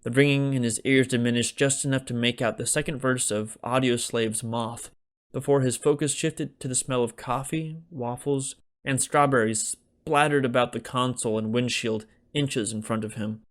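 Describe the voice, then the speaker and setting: A man, the author, narrating his own comic novel as an audiobook in a wry, deadpan delivery. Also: medium pitch, moderate pace.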